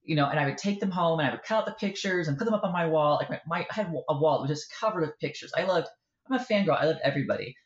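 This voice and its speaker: A woman author in a casual interview, telling a lively story and acting out the voices in it. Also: low voice, rapid-fire, echoey room, muffled recording. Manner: animated storyteller, acts out quoted voices. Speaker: author guest.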